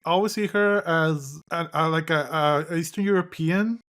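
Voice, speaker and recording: A man co-hosting a podcast, recapping a film in casual chat with a halting, wry, rambling delivery. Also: fairly high pitch, a bit bright, clear, resonant tone. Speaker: podcast co-host.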